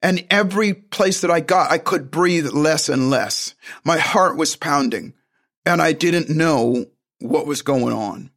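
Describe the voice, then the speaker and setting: A man's voice: on the high side, unhurried, a bit bright. A man telling a personal story in a casual, rambling way, with frequent restarts and side remarks.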